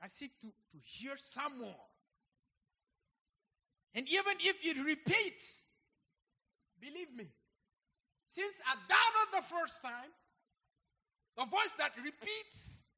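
A man in his fifties preaches a sermon with a very high, bright voice. He speaks slowly and emphatically, rising to loud exclamations and dropping to near hushes. His words ring out with the long reverb of a big hall. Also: big pitch swings. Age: 50s. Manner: emphatic, with dramatic swings between loud and soft.

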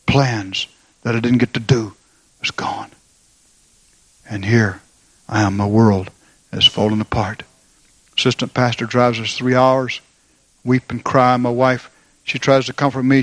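A middle-aged man preaching a sermon and giving a personal testimony. He rises to fervent, high exclamations of praise and turns somber and slow when he tells of loss. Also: dry recording. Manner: somber, slow storytelling when recounting grief.

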